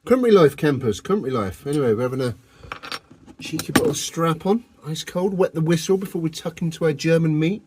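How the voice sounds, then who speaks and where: A man's voice: a little high, brisk, darkish tone, slight background noise. A man, filming a casual camping vlog on his phone from inside a van. He talks to the camera in a cheeky, jokey way. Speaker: vlogger.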